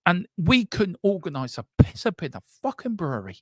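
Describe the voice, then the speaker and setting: A man's voice: high-pitched, big pitch swings, brisk, slightly rough, no room sound, clean studio sound. A man, hosting a live fan stream and ranting angrily, swearing and repeating himself. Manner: angry, sweary, repetitive ranting. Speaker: fan channel host.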